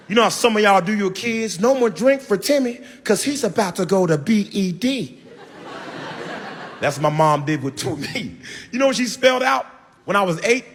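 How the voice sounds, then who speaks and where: A man's voice: on the high side, fairly bright tone, long reverb tail. A man performing a stand-up routine, telling a wry family story straight to the crowd. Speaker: stand-up comedian.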